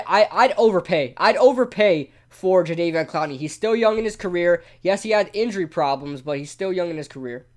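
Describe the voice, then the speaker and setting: A man hosting a casual live sports talk stream, excitable and talking straight to his chat. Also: high-pitched. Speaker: sports talk show host.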